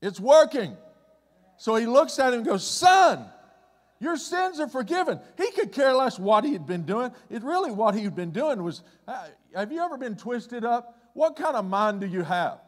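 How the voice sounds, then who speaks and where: High-voiced man preaching in a reverberant hall. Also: moderate pace. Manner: conversational preaching, swinging from loud excitement to hushed low tones. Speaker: pastor. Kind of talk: sermon.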